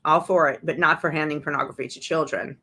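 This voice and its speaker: Sarcastic fired-up woman doing her livestream show, lowish voice. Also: steady tone, quick pace, pushed and bright. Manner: indignant, sarcastic. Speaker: show host. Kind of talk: livestream commentary.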